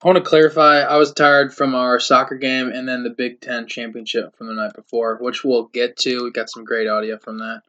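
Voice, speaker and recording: A man's voice: mid-range voice, brisk, few pauses. A man co-hosting a sports podcast, talking in a chatty, loose way with lots of fillers. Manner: chatty, many fillers, animated storyteller. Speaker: podcast co-host. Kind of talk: casual sports chat. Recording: dull lo-fi podcast audio.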